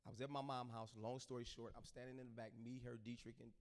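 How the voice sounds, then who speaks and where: A man's voice: mid-range voice, quick pace. A middle-aged man, a pastor talking casually to his congregation and acting out the voices in his stories. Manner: animated storyteller, acts out quoted voices.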